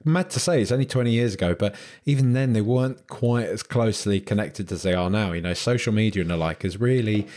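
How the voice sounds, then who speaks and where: A man's voice: fairly low pitch, quick pace, hardly any pauses, a little mellow. A man co-hosting a podcast in casual chat, laid-back and blunt in his banter. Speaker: podcast co-host.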